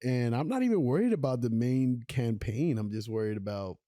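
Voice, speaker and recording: A man's voice: mid-range voice, lively intonation, mellow, no room sound, clean studio sound. Laid-back young man from Puerto Rico. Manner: laid-back, halting, repeats words. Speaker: podcast co-host. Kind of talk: casual chat.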